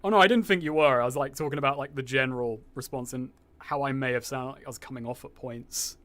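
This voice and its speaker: A man's voice: medium pitch, fast, a bit bright. A young man streaming a game, chatting casually with viewers, rambling, swearing freely and reading chat aloud, with a slightly posh-sounding voice. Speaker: gaming streamer.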